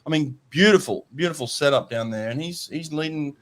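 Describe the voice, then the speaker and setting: A man's voice: a little high, brisk, a bit bright. A man hosting a casual swimming podcast, rambling and repeating himself. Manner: rambling, repeats words, says "mate" often. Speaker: podcast host. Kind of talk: casual chat.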